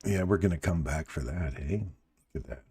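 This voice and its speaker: A man with a very deep, dark voice, still groggy from just waking up, hosts a casual live trading stream. He muses out loud and throws questions to his viewers. His voice is husky and sits close in a dry room, with mouse clicks now and then. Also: a little fast, dry recording. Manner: relaxed, musing, chats to viewers. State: groggy morning voice.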